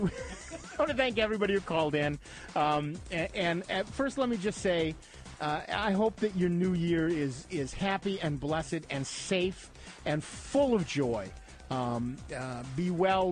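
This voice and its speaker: A man's voice: a little high, measured pace, faint music behind. A man hosting a radio talk show, chatting casually and telling rambling, self-mocking stories. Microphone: studio microphone.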